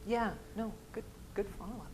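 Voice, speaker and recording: A woman's voice: mid-range voice, fairly even intonation, normal speed, a little mellow. Woman, voice-over artist, live panel Q&A, chatty, upbeat, faint background hum. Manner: chatty, upbeat, laughs easily. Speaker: voice-over artist answering audience questions.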